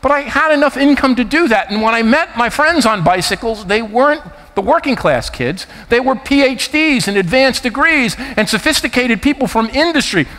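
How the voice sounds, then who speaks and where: A man in his fifties with a New Jersey accent delivers a conference keynote in an animated, anecdotal way. His voice sits high and swings widely in pitch. The sound carries a long reverb from a large hall. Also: normal speed, hardly any pauses. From United States. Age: 50s. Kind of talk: keynote talk.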